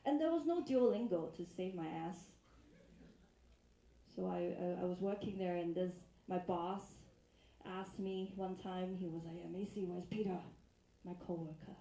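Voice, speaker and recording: Woman stand-up from China, mellow tone, playful crowd work in a roomy club. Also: lowish voice, moderate pace. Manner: playful, teasing the audience. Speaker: stand-up comedian. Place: comedy club stage, audience laughing. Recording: echoey live venue.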